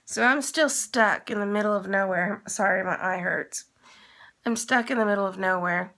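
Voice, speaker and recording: A woman with a gravelly, creaky edge to a mid-pitched voice tells a rambling story to the camera. She acts out what everyone said as she goes along. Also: moderate pace, pushed and bright. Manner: rambling, retells with quoted dialogue. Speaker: vlogger. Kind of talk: casual storytelling.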